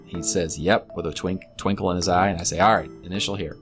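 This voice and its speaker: A man's voice: sits low, fairly even intonation, fast talker, fairly bright tone, faint music behind. A man reading a real estate form aloud clause by clause, breaking in with light jokes and side notes. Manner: reads clauses aloud, then jokes and asides. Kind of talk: casual explainer reading a document aloud.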